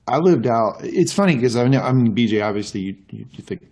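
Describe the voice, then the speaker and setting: A man's voice: mid-range voice, lively intonation, fast talker, a little mellow, breathy edge. A man from North Carolina co-hosting a casual chat, telling stories in a candid, reflective way. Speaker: podcast co-host.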